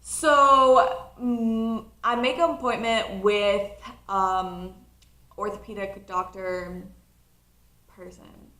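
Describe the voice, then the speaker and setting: A nineteen-year-old woman telling a personal story in a casual vlog, chatty and animated, often laughing. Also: medium pitch, very slow, reverberant. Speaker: college student vlogger.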